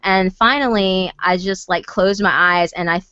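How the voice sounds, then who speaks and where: Woman caller, casual, animated storyteller with lots of fillers; muffled, dry recording. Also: mid-range voice, moderate pace, smooth, no room sound. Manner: animated, acts out quoted voices, many fillers.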